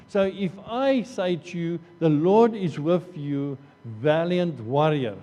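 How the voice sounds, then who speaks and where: A man preaches an earnest sermon, circling back on his phrases and restarting them. His voice sits a little high but sounds mellow and dark. The church hall gives it a long, trailing reverb. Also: dull audio. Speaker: pastor.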